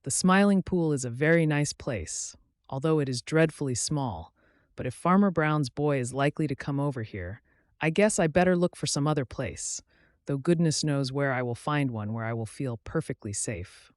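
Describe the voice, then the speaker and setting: A man's voice: mid-range voice, moderate pace, no echo, studio quality, natural voice. A man voicing an anxious, distrustful female duck far from home, fretful and tearful.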